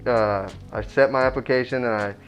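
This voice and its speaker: A man's voice: mid-range voice, steady tone, normal speed, clear, resonant tone, faint music behind. A man in his twenties chatting easygoing in a casual interview, sprinkling in filler phrases. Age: 20s. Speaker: delivery manager at a cannabis dispensary.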